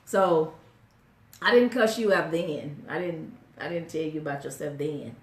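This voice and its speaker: Lively woman co-host in an echoey room. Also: low-pitched, unhurried, a little hiss or hum. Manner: animated, laughing, playful teasing. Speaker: podcast co-host. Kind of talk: casual couple's chat. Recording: roomy, slightly distant.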